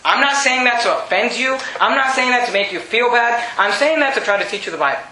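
A man's voice: extremely high pitch, lively intonation, quick pace, bright, forceful tone. A male pastor preaching an emphatic, repetitive sermon in a church. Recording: very echoey room.

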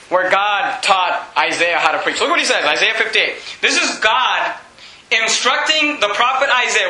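A man preaching a fiery sermon as pastor, yelling and hammering points with repetition. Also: high voice, roomy sound, slight background noise, rough recording. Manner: loud, yelling, emphatic repetition. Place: church sanctuary.

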